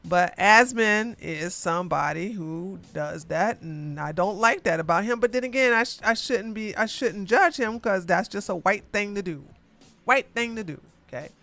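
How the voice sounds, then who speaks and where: A woman ranting in a rambling, casual way, animated and profane, often repeating herself. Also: medium pitch, normal speed, no room sound.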